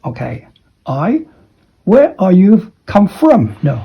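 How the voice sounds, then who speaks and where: A man teaching English, speaking slowly with a husky, mellow voice. His pitch rises and falls a lot as he explains each point with patience. The recording sounds dull and lo-fi. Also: huge pitch swings. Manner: patient, explaining, often checks with "okay?". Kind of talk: recorded lesson.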